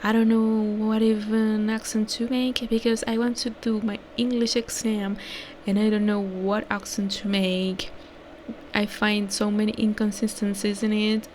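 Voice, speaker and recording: A young woman whose first language is Spanish wraps up a vlog in a loose, rambling way. She keeps correcting herself and sometimes drops to a whisper. Her voice has a gravelly fry, and there is a faint hiss of noise behind her. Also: fairly high pitch, a little mellow. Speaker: vlogger. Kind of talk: casual rambling vlog outro.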